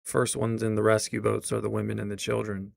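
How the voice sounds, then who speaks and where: A man's voice: lowish voice, completely flat delivery, fairly quick, gravelly, no room sound, studio quality. A male streamer reacting live to a clip, incredulous and sarcastic, swearing now and then.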